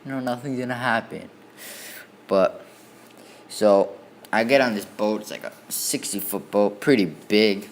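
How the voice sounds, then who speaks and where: A man's voice: fairly low pitch, measured pace, pauses often, slight background noise. A man casually telling a story in the first person, rambling with many restarts and repeated fillers. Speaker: student storyteller.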